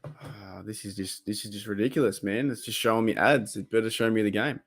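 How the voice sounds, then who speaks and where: A man's voice: lowish voice, brisk, slightly rough. A man with an Australian accent hosting a football watch-party live stream, chatting casually and reacting aloud to the game.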